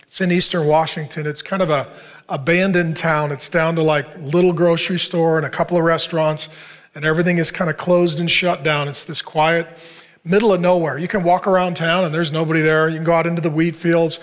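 A middle-aged pastor preaches in an earnest, conversational way, speaking to a men's group. He has a slightly higher-pitched voice and tells a personal story in a plain, down-to-earth manner. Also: flat delivery, brisk.

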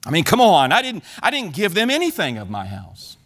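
A man's voice: high-pitched, wildly swooping pitch, brisk, a bit bright, exaggerated voice. A man playing a gushing boastful king. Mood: pleading. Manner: eager, gushing, tripping over words. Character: boastful excited old-time king showing off treasures.

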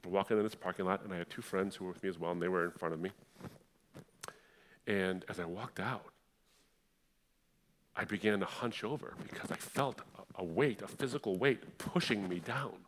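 A young adult man from the Middle East giving a passionate personal testimony in a sermon style, moving between hushed and fiery delivery. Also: sits low, normal speed, pauses often, slight background noise.

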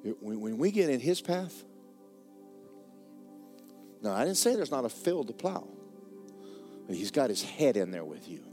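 A man's voice: medium pitch, very animated, unhurried, long pauses, warm tone, soft background music. A man preaching a sermon as pastor, folksy and joking, repeating words for effect.

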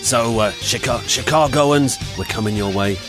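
A man's voice: medium pitch, moderate pace, over music. A man co-hosting a comedy podcast, joking around and putting on silly voices. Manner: playful, jokey, slips into silly voices. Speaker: podcast co-host. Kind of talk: comic podcast banter.

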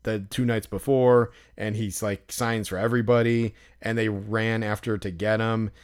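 A young man co-hosting a podcast, telling a story in a casual, animated way with many fillers. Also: normal speed, smooth. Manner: animated storyteller, acts out others in loud high voices. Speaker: podcast co-host. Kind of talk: casual chat.

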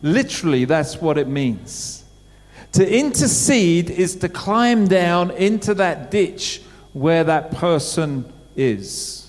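Middle-aged preacher with a high voice. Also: male voice, very animated, takes it slowly, darkish tone. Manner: conversational, asks the congregation questions. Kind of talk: sermon. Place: church. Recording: church hall with long reverb.

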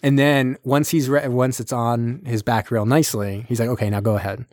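A man hosting a casual chat, retelling a film's plot with lively quick impressions of its characters. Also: medium pitch, no echo, studio quality. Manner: animated retelling, slipping into quick character voices. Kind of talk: casual film recap chat.

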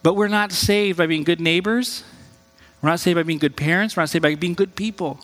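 A high-voiced man, a pastor, gives a conversational and animated sermon. He leaps up in pitch when he voices quoted people. His voice rings with long reverb, as in a large hall. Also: brisk.

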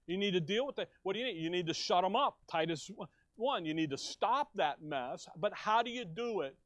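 Emphatic pastor preaching, dry close sound. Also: male voice, high-pitched, animated, normal speed, a bit bright, no room sound. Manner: emphatic, rhetorical questions and asides. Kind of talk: expository sermon. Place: church.

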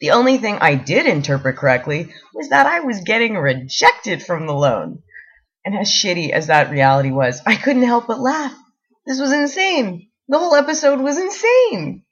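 A woman reading her own blog post aloud with a wry, self-mocking humor. Her husky voice rises and falls in a lively way. The recording sounds dull and lo-fi. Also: medium pitch, normal speed.

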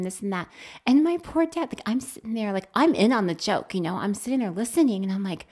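A woman telling a childhood story in casual podcast chat, lively and quick to act out the people she quotes. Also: mid-range voice. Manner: animated, acts out quoted voices.

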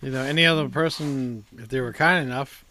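A co-host in casual podcast chat, making relaxed joking remarks. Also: medium pitch, fairly quick. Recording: noisy mic with bumps and clicks.

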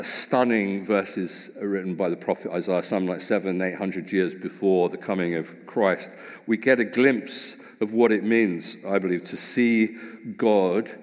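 A man delivers a sermon in a lower voice, reading scripture and then explaining it with earnest, building emphasis. His words ring out with a long reverb, as in a church hall. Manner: earnest, reads scripture aloud then expounds with rising emphasis. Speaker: preacher.

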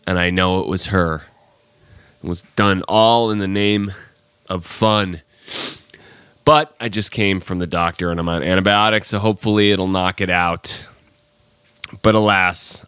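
A man's voice: low voice, fairly bright tone, clean tone, no echo. A man hosting a casual podcast, sick with a cold, telling his story in a chatty, exasperated way. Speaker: podcast host.

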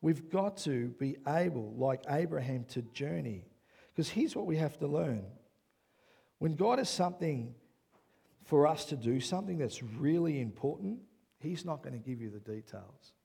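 A man preaching a sermon as pastor, who often checks in with "yeah?" and builds to loud, excited passages. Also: fairly high pitch, moderate pace, gravelly, husky.

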